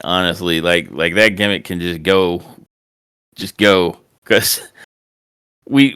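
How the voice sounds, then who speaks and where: A man co-hosting a podcast, recapping a wrestling match in relaxed, casual chat with frequent "like" and "um". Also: lowish voice, clean tone, no room sound, clean studio sound. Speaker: podcast co-host.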